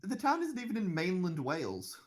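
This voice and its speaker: A man's voice: high-pitched, wildly swooping pitch, a little fast, breathy edge. A man running a tabletop session as game master, his voice swinging up and down as he argues with his players. He sounds exasperated and swears freely, with faint music in the background. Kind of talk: casual tabletop banter.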